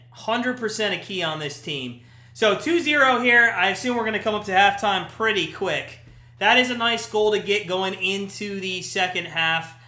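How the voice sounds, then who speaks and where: A man hosting a live watch-party stream, giving chatty play-by-play that jumps to shouts at big chances. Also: sits high. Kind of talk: casual watch-party commentary. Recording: echoey room.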